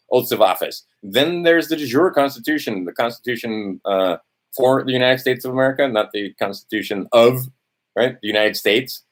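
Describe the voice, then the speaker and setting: A man ranting to camera, swearing often, tossing in "right?" and losing his place in his notes. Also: mid-range voice. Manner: profane, testy, repeats "right?". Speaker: vlogger. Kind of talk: heated ranting monologue to camera.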